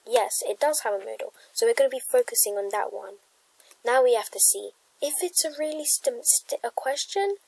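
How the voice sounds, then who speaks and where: A woman explaining grammar worksheet questions, halting and correcting herself, sometimes dropping to a soft whisper. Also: a little high, dry recording, low-quality recording. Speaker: grammar tutor.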